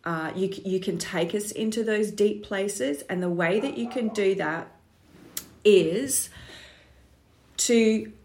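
A woman's voice: mid-range voice, slow pace, long pauses, a little mellow. A woman giving a casual spiritual coaching talk to her viewers. She is affectionate and encouraging, uses pet names for them, and keeps checking in with "right?" and "okay?". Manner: loose and chatty, with frequent check-ins like right and okay. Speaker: human design coach.

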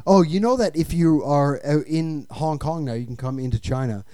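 Podcast host, male, mellow tone, crude rambling humor, dry close mic. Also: fairly high pitch, moderate pace, dry recording. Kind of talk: casual podcast banter.

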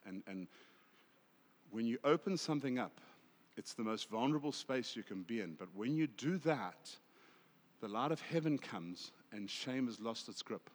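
A South African man preaching a sermon, swinging from loud emphasis to hushed asides. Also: mid-range voice, animated, normal speed, big-room sound. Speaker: pastor.

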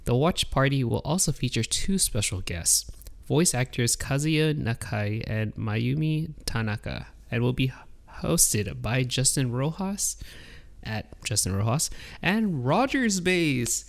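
A man's voice: medium pitch, lively intonation, slow pace, creaky. A man co-hosting a podcast in a laid-back, chatty way, laughing easily. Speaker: podcast co-host. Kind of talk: casual chat.

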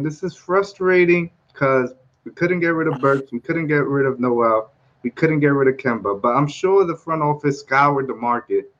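A man co-hosting a casual sports talk show, animated and repeating himself to make his points. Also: fairly high pitch, muffled recording. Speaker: podcast co-host.

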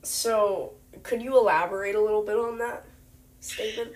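A woman's voice: mid-range voice, fairly even intonation, normal speed, a little mellow. A young woman hosting a homemade mock news show, rambling and hesitant, full of fillers. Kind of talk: playful mock newscast.

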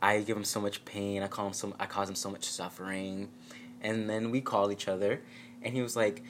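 A low voice with flat delivery and a slightly quick pace carries this personal story, told by a vlogger at home near a dog, with slight background noise. It's a casual vlog full of sarcasm and self-mockery, and quotes get exaggerated voices.

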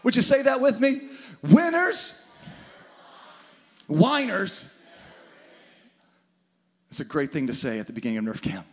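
High-voiced energetic preaching man. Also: normal speed, long pauses. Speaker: pastor. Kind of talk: sermon.

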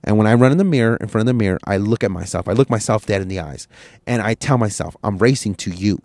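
A man in his thirties hosting a podcast, giving a blunt, profane motivational rant that swings from quiet musing to loud scolding. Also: fairly low pitch, fast talker, dry recording. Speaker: podcast host.

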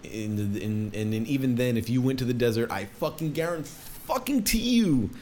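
A man's voice: medium pitch, animated, a little fast, darkish tone, slight background noise. A young man ranting casually, swearing a lot and restarting his sentences often. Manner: profane, rambling, many restarts. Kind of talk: casual rant.

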